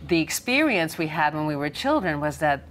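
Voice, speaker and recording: A woman comedian from Miami, chatting as an interview guest and telling lively stories, acting out the people she quotes. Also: low voice, a little fast, slight background noise. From Miami, United States. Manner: animated storyteller, acts out quoted voices. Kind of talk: casual interview chat.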